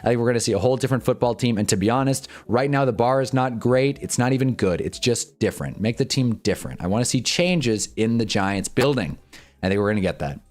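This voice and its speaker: A young man live-streams commentary on a football awards show, talking fast and animatedly. He swears and laughs often, lurching from loud outbursts to low mumbles.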